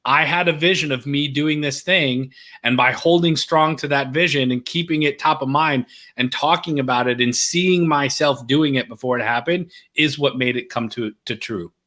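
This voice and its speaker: A middle-aged man telling a story as a guest in an interview, lively and acting out the voices of the people in it. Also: normal speed, few pauses. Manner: animated, acts out quoted voices with big pitch jumps.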